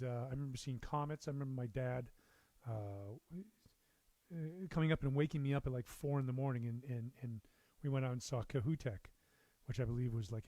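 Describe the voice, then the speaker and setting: A man's voice: medium pitch, warm tone, dry recording. A man in his fifties from Massachusetts, hosting a livestream from a studio in a loose, rambling chat full of "uh"s as he greets viewers. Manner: chatty, rambling, many "uh"s and drawn-out greetings. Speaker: livestream host and musician. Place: recording studio.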